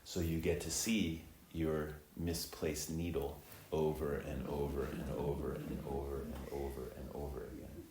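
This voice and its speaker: A middle-aged man giving a dharma talk as Zen teacher and preceptor, reflective and unhurried, with many ums and uhs. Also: extremely low pitch, level tone, a crowd in the background. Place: temple hall. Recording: echoey temple hall, faint ambience.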